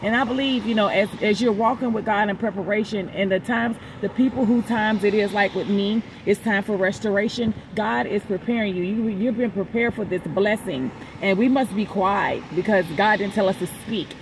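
Woman channel preacher, conversational, repeats her points, mid-pitched voice. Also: normal speed, hardly any pauses, background noise. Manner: conversational, storytelling, repeats exhortations. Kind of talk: casual spoken devotional message.

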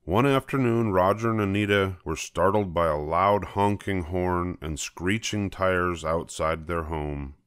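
An older man reading a storybook aloud in a gentle, measured way. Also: low voice, smooth, no room sound, studio quality.

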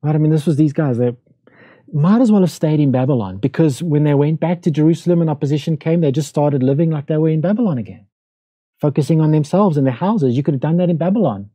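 Male pastor, deep mellow tone, chatty sermon style w/ rhetorical questions, dry sound. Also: fast talker, husky, no room sound. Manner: conversational, with rhetorical questions to the congregation. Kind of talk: livestreamed sermon. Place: church room, during lockdown.

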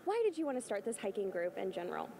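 A woman's voice: medium pitch, big pitch swings, quick pace, creaky, dark tone, a little hiss or hum. A woman reporting live from an outdoor park for a morning TV show, bubbly and upbeat. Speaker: TV field reporter.

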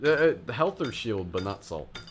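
A man's voice: fairly low pitch, very animated, moderate pace, noisy background. A man hosting a let's play, joking crudely through casual gaming commentary. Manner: joking, laughs often, crude. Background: game music.

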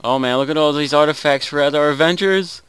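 A young man hosting a gameplay video, excitable and often exclaiming or groaning as he plays. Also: on the high side, brisk, clear, resonant tone, no room sound. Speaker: gaming host. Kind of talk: let's play commentary.

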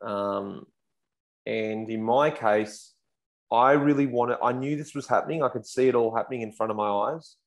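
A man's voice: medium pitch, moderate pace. A man, telling a race story as a podcast guest and acting out quotes in a raised voice. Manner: animated, acts out quotes in raised voice. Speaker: podcast guest, pro cyclist. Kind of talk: casual storytelling.

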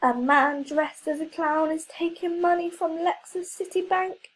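A woman's voice: very high-pitched, fairly even intonation, a little slow, pitched above the performer's own voice. A woman voicing an urgent, businesslike female police commissioner in a children's story.

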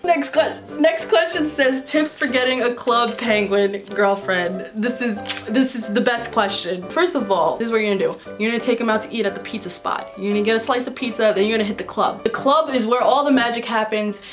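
A woman's voice: on the high side, a little fast, few pauses. A woman vlogger from New York answering viewer questions in a candid, chatty way, telling stories with plenty of swearing. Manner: chatty, candid and profane storyteller. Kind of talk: casual Q&A vlog. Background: background music.

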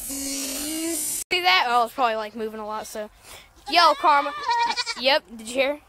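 A woman's voice: sits high, unhurried, music in the background. A young woman chatting casually in a farm vlog, rambling and giggling with lots of filler words. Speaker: farm vlogger. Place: outdoors on a farm with animals.

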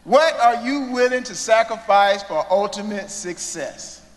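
A man giving an inspirational commencement speech, slow and dramatic, with long pauses and sudden hushed moments. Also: sits high, lively intonation. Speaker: commencement speaker. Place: large indoor hall. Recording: long reverb of a large hall.

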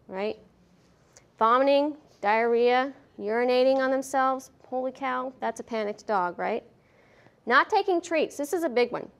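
Give me a woman giving a lively conference lecture, slightly high voice, quizzing her audience. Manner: lively, asks the audience questions, acts out dogs' thoughts. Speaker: veterinary behavior lecturer. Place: conference hall.

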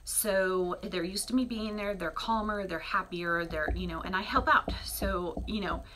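A middle-aged woman who breeds cats talks in a relaxed vlog from her small bathroom, rambling with lots of fillers and whispering softly around the kittens. She speaks at a medium pitch and measured pace, with background noise present.

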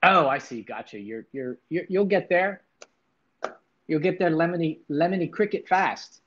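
A man's voice: fairly high pitch, moderate pace, a bit bright, lo-fi sound. A man hosting a casual livestream, chatting loosely with viewers, swearing now and then and greeting chatters by name. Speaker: livestream host.

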